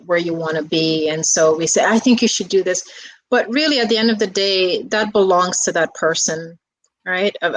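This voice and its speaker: A woman with a fairly low voice speaks slowly and thoughtfully in a relaxed conversation, backing up and restarting now and then. The sound is close and dry, with no room echo. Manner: soft-spoken, reflective, with restarts and fillers. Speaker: guest. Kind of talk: casual conversation.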